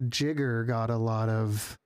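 A young man co-hosting a comedy podcast, cracking quick, goofy, self-mocking jokes. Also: medium pitch, fairly even intonation, very noisy. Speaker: podcast co-host. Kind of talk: casual comedic podcast chat.

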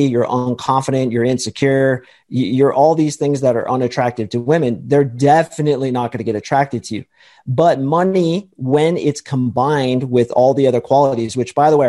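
A man with a warm, mellow voice explains dating as a podcast guest. He talks emphatically in a lecturing way, often slipping into little acted-out quotes. His pitch sits in an ordinary middle range. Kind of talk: confident explanatory talk.

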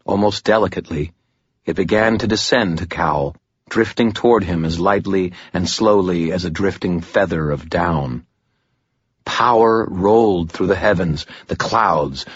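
A male narrator reads a first-person fantasy story in a deep, husky voice. His telling is tense and measured. The recording is dry and dull, with a lo-fi sound. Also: no room sound. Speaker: audiobook narrator.

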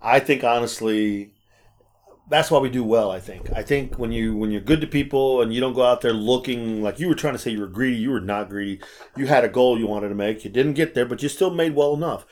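A man telling stories in a casual chat, animated and swearing freely. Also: mid-range voice, fairly quick. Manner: animated storyteller, acts out quotes, swears freely. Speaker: podcast co-host.

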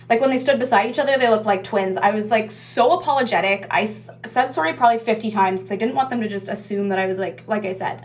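A woman's voice: medium pitch, slight background noise. A young woman telling a casual story about her restaurant takeout job. She swears freely and says "like" a lot. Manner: chatty, swears freely, heavy use of "like".

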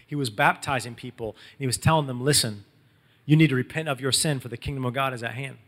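Animated preacher man in a reverberant hall. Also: mid-range voice, fast. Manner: animated storytelling, acts out quotes in casual slang. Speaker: pastor. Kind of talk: sermon.

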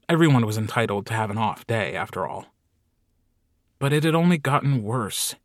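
Wry, deadpan male audiobook narrator. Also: mid-range voice, no room sound, studio quality. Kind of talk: scripted narration.

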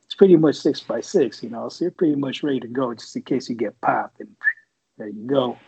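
In a low-quality recording, a middle-aged Bay Area man talks fairly quickly in a medium-pitched voice that's gravelly and warm with a breathy edge. Once a Marine reservist, he tells a rambling, profane war story stuffed with fillers.

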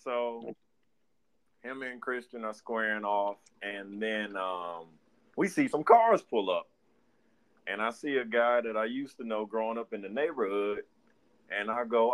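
Speaking a little slowly in a mid-range voice, a young Detroit man co-hosting a podcast tells lively stories in a casual chat. He laughs a lot and performs the quotes he relays.

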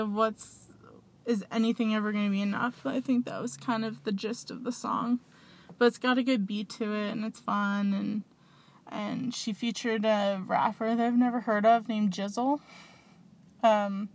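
A woman hosting a small podcast, rambling and gushing in casual chat with lots of fillers. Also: on the high side. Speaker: podcast host.

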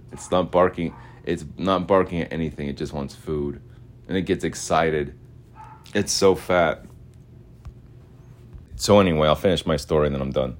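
A man's voice: rumbling low, unhurried, long pauses. A man hosting a podcast in a casual, meandering monologue, slangy and full of filler words. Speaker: podcast host.

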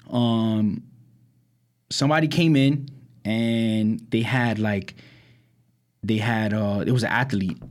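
A young man from Brooklyn, a podcast co-host, telling stories in a loose chat, acting out quotes and filling gaps with "like" and "um". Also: fairly low pitch. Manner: animated storyteller, acts out quotes, many fillers. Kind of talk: casual storytelling chat.

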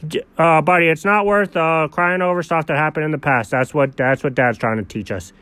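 A man co-hosting an improvised comedy show, playing the exasperated straight man in quick back-and-forth. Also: on the high side, pushed and bright, smooth, no echo. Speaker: comedy co-host.

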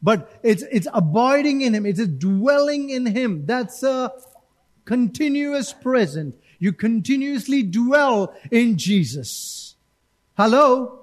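A man with a strikingly high voice preaches to his church congregation. He is animated, dropping into quick acted-out voices and back to direct appeals. It is a lively, conversational sermon style. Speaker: pastor.

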